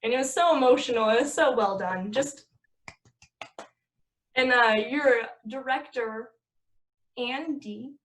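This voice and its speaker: Young woman, podcast guest, rambling, laughs a lot, high-ish voice. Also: slow, pauses often. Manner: rambling, laughing, self-mocking. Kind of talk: casual podcast chat.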